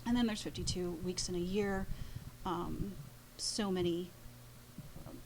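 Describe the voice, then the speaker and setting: A woman painter, a guest in an interview, telling a story in a halting way, with many pauses and restarts. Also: lowish voice, steady tone, background noise.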